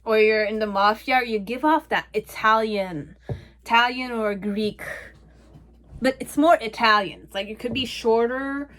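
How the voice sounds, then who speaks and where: A woman's voice: on the high side, measured pace, fairly bright tone. A young adult woman giving a casual pick-a-card tarot reading, rambling and chatty, often checking in with "okay?" and "like". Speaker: tarot reader.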